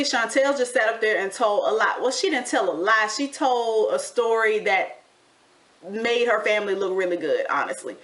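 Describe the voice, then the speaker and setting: A woman giving a casual, sassy recap of a reality TV show, chatty and animated, with slang like honey and y'all. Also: on the high side. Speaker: TV recap vlogger.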